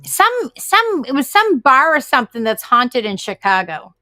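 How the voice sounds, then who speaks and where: Woman, middle-aged, Boston accent, high voice, headset mic, chatty storyteller. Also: big pitch swings, bright, forceful tone, soft background music. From Massachusetts. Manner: chatty storyteller, quick wisecracks. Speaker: live stream co-host. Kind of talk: casual chat.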